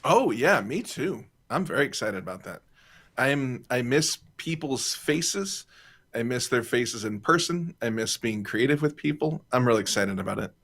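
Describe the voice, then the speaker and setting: A man's voice: mid-range voice, moderate pace. A man in casual group video chat, telling stories playfully with lots of animation, speaking over a video call. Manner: playful, animated storytelling with laughs. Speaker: improv teacher and guest.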